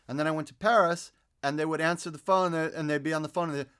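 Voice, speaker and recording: Animated middle-aged voice actor. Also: male voice, a little high, quick pace. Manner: animated storyteller, drops into impressions. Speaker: voice actor guest. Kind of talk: casual podcast interview.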